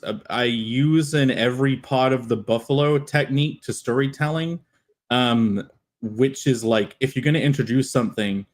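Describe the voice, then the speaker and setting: A man, a comic creator, chatting casually on a stream in an excitable, rambling way. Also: mid-range voice.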